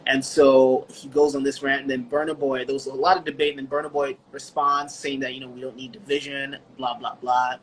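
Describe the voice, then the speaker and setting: A man's voice: medium pitch, flat delivery, a little fast, few pauses, slight background noise, low-quality recording. A man co-hosting a podcast, recapping stories in a loose, rambling way. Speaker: podcast co-host. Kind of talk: casual chat.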